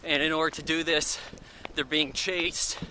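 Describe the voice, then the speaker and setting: Bright, rambling male film reviewer. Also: on the high side, fairly even intonation, measured pace, a little hiss or hum, poor audio. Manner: rambling, loose and offhand. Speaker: movie reviewer. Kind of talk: casual spoken film review.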